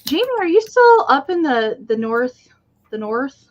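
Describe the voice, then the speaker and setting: A woman's voice: high-pitched, sing-song, measured pace, lo-fi sound. A woman hosting a live online sale, chatting casually and greeting viewers one by one. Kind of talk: casual livestream chat.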